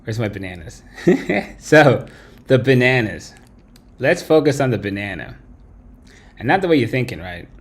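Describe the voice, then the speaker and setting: Brief: male livestream host, mid-pitched, profane and blunt, ranting to his chat. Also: sing-song, a little slow, pauses often. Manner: blunt, heavy swearing, tags lines with "right?". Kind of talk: profane late-night stream rant.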